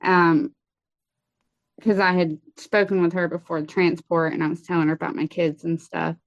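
Brief: woman guest, lower voice, hesitant testimony, dry lo-fi recording. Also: flat delivery, dry recording. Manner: halting, many fillers and restarts. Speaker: guest telling her story. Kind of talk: personal testimony in an interview. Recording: dull lo-fi sound.

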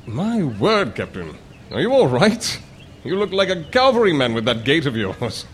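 An actor playing a jovial, chummy upper-class British army officer with a put-on British accent. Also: male voice, fairly high pitch, big pitch swings, moderate pace, slight background noise. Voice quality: chummy, plummy.

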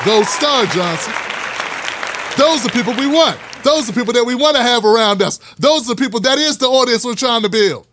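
Blunt, high-voiced male commentary host. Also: animated, moderate pace, fairly bright tone, some chatter behind, slight background noise. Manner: blunt, profane, emphatic repetition. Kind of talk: fiery direct-to-camera monologue.

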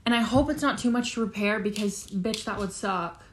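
A teenage girl talks on her own casual chat show. She rambles from one thing to the next with plenty of fillers and swears freely. Her voice sits in an ordinary middle pitch for a woman. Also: moderate pace, slight background noise. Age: teens. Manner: chatty, swears often, lots of fillers. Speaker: podcast host.

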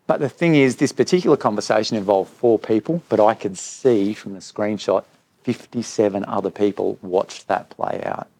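A man, a school director of middle years, talking candidly at a live parent evening and telling stories with quoted dialogue. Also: lowish voice. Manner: candid storytelling, animated when quoting others. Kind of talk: speaking at a live parent info night.

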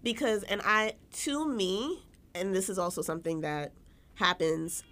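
A woman's voice: mid-range voice, expressive, unhurried, a bit bright. A woman co-hosting a podcast in casual chat, candid and emphatic, often restarting her sentences. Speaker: podcast co-host.

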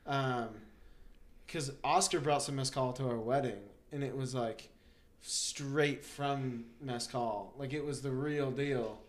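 A man's voice: mid-range voice, slow. A young man hosting a casual podcast chat, telling stories with lots of laughter and acted-out voices. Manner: laughing, animated storyteller who acts out voices. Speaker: podcast host.

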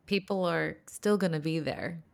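A woman from the United States hosts a casual podcast over a video call, and her speaking voice sits low. She affirms her guest warmly and laughs easily, keeping the talk relaxed. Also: normal speed, vocal fry. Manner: supportive, affirming, laughs often. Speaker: podcast host. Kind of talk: casual conversation.

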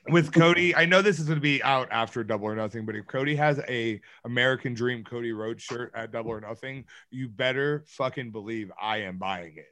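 Hyped-up podcast dude, swears a lot, jokes around, bright sharp voice. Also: male voice, medium pitch, fairly quick, few pauses. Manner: excitable, swears, jokey. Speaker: podcast co-host. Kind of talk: casual chat.

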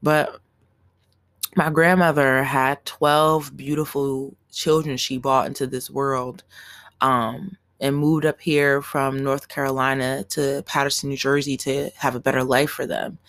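A woman's voice: extremely low pitch, little pitch movement, unhurried, no echo, studio quality. A young woman hosting her own podcast, talking earnestly and emotionally in a candid, profane solo monologue. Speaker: podcast host.

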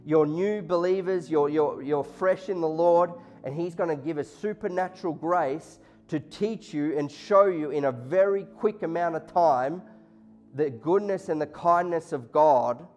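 A man preaches passionately in a church hall, his fairly high voice carrying a darkish tone as he takes his time. He frequently voices God and the congregation in quoted lines, and soft music can be heard in the background.

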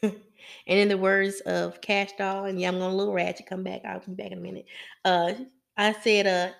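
A woman's voice: mid-range voice, little pitch movement, moderate pace, gravelly. A woman hosting a casual livestream Bible devotional, chatty and slangy, laughing often as she reads and comments. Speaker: livestream host reading scripture.

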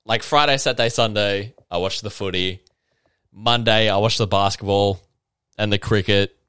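A man's voice: lowish voice, steady tone, normal speed, bright, forceful tone, smooth, no echo. A man hosting a casual solo podcast, ranting with swearing and mocking impressions, a bit tipsy. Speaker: podcast host.

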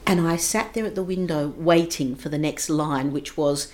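Woman telling a harrowing memory, slightly low. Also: normal speed. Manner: vivid, emotional retelling with shifts between hushed and raised intensity. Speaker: guest recounting her childhood. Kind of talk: personal storytelling.

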